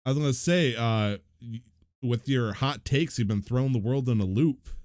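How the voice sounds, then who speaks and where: A man's voice: mid-range voice, moderate pace, a little mellow, no echo, studio quality. A man hosting a casual podcast, joking and laughing as he chats with his co-hosts. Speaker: host.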